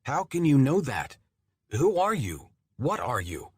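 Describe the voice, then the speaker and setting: A man's voice: medium pitch, wildly swooping pitch, a little slow, slightly rough, no room sound, voice pushed up, heavily acted. A man voicing a frightened, desperate young male soldier in an audiobook. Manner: panicked, pleading questions.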